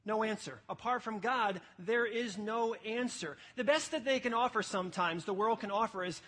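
A man preaching a sermon at a church service, passionate and emphatic, dropping to quiet stretches between forceful points. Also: high-pitched, normal speed. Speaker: pastor.

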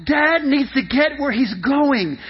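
A male pastor giving a lively, emphatic sermon and telling the story with animation. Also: very high-pitched, takes it slowly. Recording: muffled lo-fi recording.

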